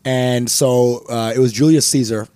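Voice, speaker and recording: A man's voice: medium pitch, steady tone, unhurried, warm tone, clean tone, no room sound. A man from Texas co-hosting a podcast, telling stories in loose, profane, joking banter. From Texas, USA. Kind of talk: crude comedic banter.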